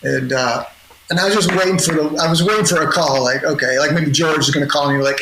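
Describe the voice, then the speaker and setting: A man's voice: a little high, fast talker, vocal fry, bright, forceful tone. Rambling man in a roomy, noisy room. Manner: rambling, laughing, many restarts and quoted voices. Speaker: music producer guest. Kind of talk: casual storytelling in a podcast interview. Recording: roomy sound with noticeable noise.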